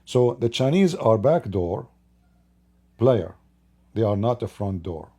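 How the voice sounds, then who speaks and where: Male host, solo commentary into his own mic, low and mellow, insistent and repetitive. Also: sing-song, takes it slowly, slightly rough. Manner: emphatic, builds repetitive lists. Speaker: channel host commenting on politics. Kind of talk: unscripted commentary monologue. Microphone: own microphone.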